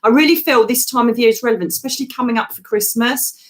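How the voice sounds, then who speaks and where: A woman with a slightly high voice talks through psychic readings on a livestream. She is chatty and affectionate and keeps calling viewers darling. It sounds like a casual home broadcast. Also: quick pace. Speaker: psychic medium host. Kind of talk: live psychic reading chat.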